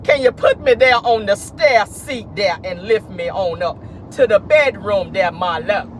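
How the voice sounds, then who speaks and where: Man doing a doddering old geezer with dentures, slow sweet talk, lively swooping voice, slightly lower than his own. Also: slight background noise. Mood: wheedling.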